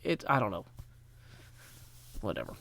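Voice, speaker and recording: A man's voice: lowish voice, wildly swooping pitch, measured pace, creaky, bright, forceful tone, slight background noise. Rambling joking male game streamer. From Tennessee, US. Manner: rambling, joking, thanks donors aloud. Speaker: gaming livestreamer. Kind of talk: casual livestream chat while playing.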